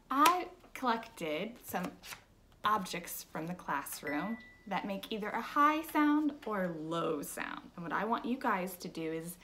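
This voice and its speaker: A young woman teacher giving a slow, patient music lesson to children, asking them simple questions. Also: mid-range voice, background noise.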